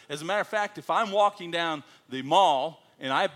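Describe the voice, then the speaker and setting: In a fairly high voice at a normal pace, a missionary pastor from the United States spins folksy, funny tales during a church sermon. His storytelling is animated and laced with self-deprecating humor.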